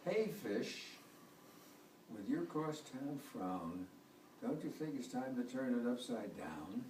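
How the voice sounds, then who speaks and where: A man's voice: medium pitch, sing-song, slow, a little mellow. An older man voicing a cheerful female clam in a picture book, giving coaxing advice in rhyme. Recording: echoey distant home recording with noise.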